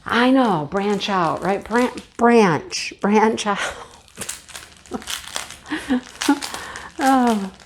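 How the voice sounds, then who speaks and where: A woman's voice: mid-range voice, lively intonation, extremely slow, long pauses, a little hiss or hum. A middle-aged woman vlogger chatting casually and gushing with giggles as she unboxes a craft kit.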